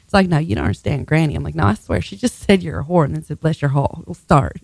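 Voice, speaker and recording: A tipsy woman telling a story in a loose, giggly, animated way. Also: sits low, quick pace, gravelly, breathy edge, dry recording. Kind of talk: casual storytelling chat.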